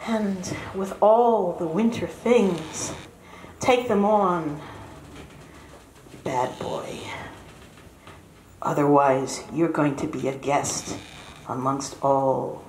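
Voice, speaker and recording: A woman's voice: sits low, fairly even intonation, drawn-out words, pauses often, darkish tone, slight background noise, heavily acted. A woman voicing a fussing, worried mother. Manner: anxious, fussing, sighing. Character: worried loving mother pleading with her son. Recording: echoey hall with faint music.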